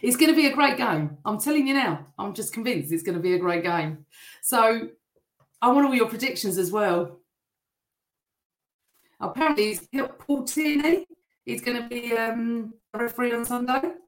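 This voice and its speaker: A middle-aged woman hosting a live stream, chatting and greeting viewers by name while reading their comments, her voice still a little rough. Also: a little high, animated, moderate pace, roomy sound.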